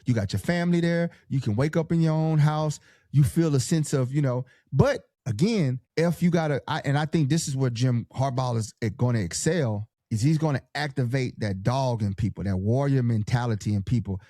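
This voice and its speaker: Fired-up slangy podcast host with a mellow voice. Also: male voice, medium pitch, normal speed, no room sound, studio quality. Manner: fired-up, slangy pep-talk delivery. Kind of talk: casual sports podcast chat, reading live comments.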